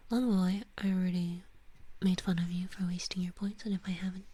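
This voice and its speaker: A young woman streamer chatting to her viewers in a soft whisper, joking at her own expense, very close to the mic. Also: lowish voice, fairly even intonation, a little fast, slightly rough. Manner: soft unvoiced whisper, chatty and self-mocking. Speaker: streamer and ASMR artist. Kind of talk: whispered ASMR stream chat. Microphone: close sensitive ASMR microphone.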